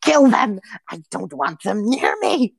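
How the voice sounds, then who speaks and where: Woman doing a slow whispering hag. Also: medium pitch, sing-song, creaky, husky, dry recording, voice pushed up, heavily acted, poor audio. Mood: frantic. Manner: slow, hissing half-whisper. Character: blind, scheming old hag witch.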